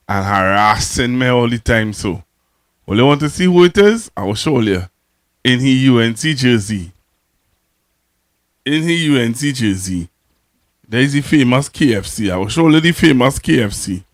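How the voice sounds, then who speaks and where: Call-in host, male, Trinidadian accent, mid-pitched, teasing and repetitive, loose chatty delivery. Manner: mocking, teasing, repeats himself. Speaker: radio talk show host. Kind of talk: casual call-in talk show.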